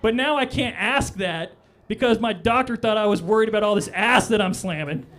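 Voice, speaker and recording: A man's voice: high voice, a little fast, a bit bright, a little hiss or hum. A man performing a stand-up comedy set on a club stage, with a loose, rambling delivery full of "all right?" asides.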